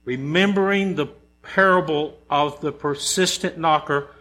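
A man preaching a sermon in a church, his voice pitched a little higher than most men's. He slips from easy, conversational storytelling into rising, emphatic rhetorical questions. A low mains hum runs under the recording. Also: measured pace, sharp tone. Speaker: pastor. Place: church sanctuary.

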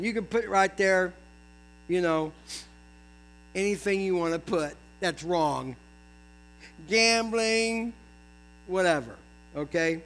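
High-voiced pastor preaching with folksy asides. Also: male voice, slow pace, long pauses, a bit bright, low-quality recording. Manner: folksy storytelling with asides to the congregation. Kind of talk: sermon.

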